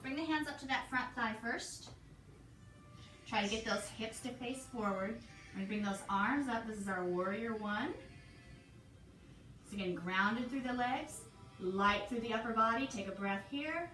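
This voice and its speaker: A yoga instructor leads a guided class in a hotel room, calmly counting breaths and cueing poses. Her fairly high voice is unhurried, with long pauses, and it comes from far off the mic in an echoey space with music playing behind her.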